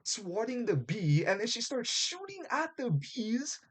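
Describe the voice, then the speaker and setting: A man co-hosting a casual podcast, retelling a show's plot in animated, profane chat and putting on quick mock voices. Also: very high-pitched, breathy edge. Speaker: podcast co-host.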